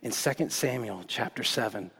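A male pastor preaches in a casual, storytelling manner at a middle pitch. He swings between lively excitement and quieter reflection. His voice rings with the long reverb of a large church hall. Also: moderate pace, slightly rough. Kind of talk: sermon.

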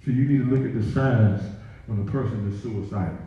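A pastor with a medium-pitched voice delivers a sermon a little fast in a large church sanctuary, joking with the congregation and calling out to them. His manner is playful, full of joking asides and call-and-response. The sound is dull and very echoey, recorded from a distance.

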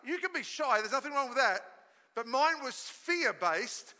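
High bright-voiced man preaching in a hall. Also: moderate pace. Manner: storytelling, energetic preaching with audience call-and-response. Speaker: pastor. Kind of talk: sermon. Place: church hall. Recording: live sermon in a reverberant hall.

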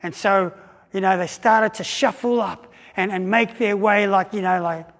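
A man preaching a sermon, telling a story in an animated way and acting out the voices of the people in it, with frequent restarts. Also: sits high. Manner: animated, acts out quoted voices with pauses and restarts. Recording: long hall reverb.

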